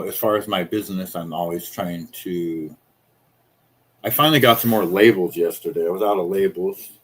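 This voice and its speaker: A man's voice: deep voice, breathy edge. A man in his fifties, a small-business chocolatier, ranting casually in a profane, rambling, indignant way. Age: 50s.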